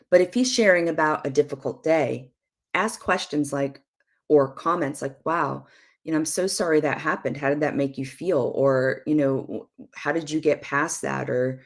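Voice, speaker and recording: A middle-aged woman giving emphatic, preachy marriage advice on a live stream, with soft asides now and then. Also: deep voice. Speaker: prophetess and show guest.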